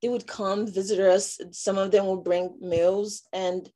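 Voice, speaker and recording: A young woman from Nigeria, giving a halting personal testimony full of fillers and restarts. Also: mid-range voice, little pitch movement, mellow. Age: young adult. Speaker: interviewee.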